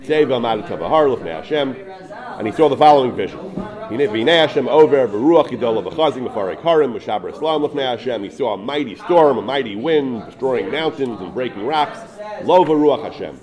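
A man's voice: mid-range voice, animated, moderate pace, crowd noise. A man giving a text-study lecture as a Torah teacher, reading verses aloud and translating them line by line with earnest repetition.

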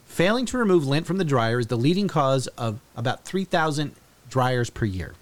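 A man's voice: medium pitch, sing-song, moderate pace. Podcast guy rattling off scary facts, lots of ums and you knows, voice going up and down. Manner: fact-reciting, hesitant with fillers. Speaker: podcast co-host. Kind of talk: casual chat.

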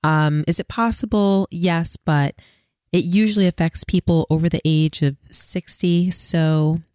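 Woman with a real deep voice on a podcast, teasing, matter of fact, dry sound. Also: fairly even intonation, a little slow, darkish tone, smooth, dry recording. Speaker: podcast co-host. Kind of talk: casual chat.

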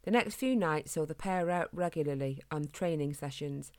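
A woman reads a children's storybook aloud, calm and gentle in her storytelling. Her voice is fairly low, and the sound is dry and close to the mic. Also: moderate pace, dry recording. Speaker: narrator. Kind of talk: storybook reading.

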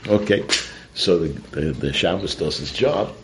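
A man's voice: deep voice, unhurried, slight background noise, low-quality recording. A man giving a Torah talk full of stories, mixing in Yiddish and Hebrew terms. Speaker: Torah teacher.

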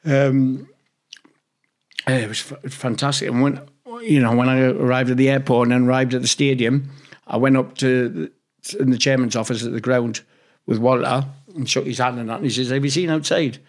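A man's voice: medium pitch, flat delivery, moderate pace. A man from England, an interview guest, telling loose anecdotes in casual chat, swearing freely and acting out what others said. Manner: rambling, swears freely, acts out quoted dialogue.

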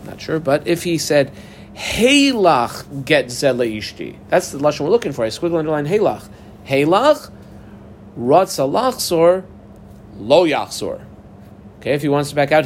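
A man's voice: fairly high pitch, slight background noise. A man teaching a Talmud lesson, walking through the text step by step and asking and answering his own questions. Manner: explains step by step, quotes Aramaic and Hebrew terms. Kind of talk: daf yomi Talmud lesson.

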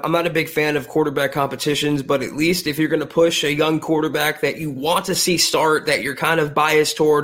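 A man co-hosting a sports podcast as a reporter, giving measured analysis in casual talk. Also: on the high side, a bit bright.

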